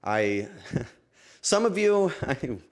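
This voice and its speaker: A man streaming casually from home, talking to his chat in an emotional, halting way and breaking into sudden excited outbursts. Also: mid-range voice. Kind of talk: casual livestream chat to viewers.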